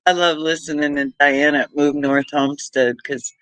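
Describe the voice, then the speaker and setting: A man's voice: on the high side, little pitch movement, normal speed, fairly bright tone, clean tone, no room sound, low-quality recording. A middle-aged man from Britain hosting a casual livestream, chatty and laughing often as he greets viewers by name. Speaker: homestead livestream host.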